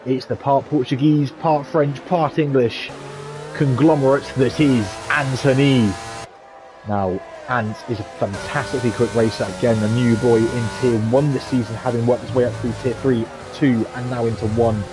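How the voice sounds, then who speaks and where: A man doing lively play-by-play commentary for a sim racing league, chatty and quick to pull his co-host in. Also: medium pitch, over music. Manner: chatty, excitable, asks co-host questions. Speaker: lead race commentator. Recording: noisy game car engine sound behind. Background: racing game engine noise.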